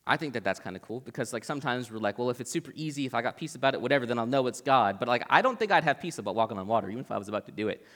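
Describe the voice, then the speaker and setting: A man giving a casual, joking Bible talk, acting out the people in the story in quick voices. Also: medium pitch, animated, a bit bright, long reverb tail.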